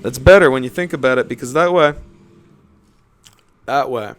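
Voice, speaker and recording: A man's voice: medium pitch, moderate pace. A young man from Canada hosting a podcast, rambling and joking casually with plenty of swearing. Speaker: podcast host.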